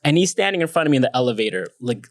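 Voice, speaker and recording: A man's voice: medium pitch, sing-song, racing, no echo, studio quality. A young man co-hosting a podcast, telling a long rambling story in casual chat, swearing a lot and laughing as he goes. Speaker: podcast co-host.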